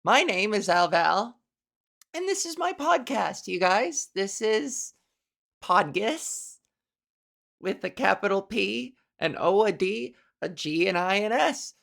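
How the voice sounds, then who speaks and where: A woman's voice: mid-range voice, animated, slow, vocal fry, fairly bright tone. A woman comedian hosting her own podcast, talking in a playful, rambling monologue full of crude jokes.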